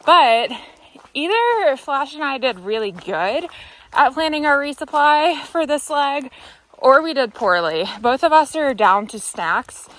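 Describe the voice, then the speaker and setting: A woman's voice: sits high, animated, unhurried, a bit bright. A woman vlogging as she walks a mountain trail outdoors, talking casually and upbeat to a handheld camera and laughing easily. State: walking on trail. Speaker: hiking vlogger.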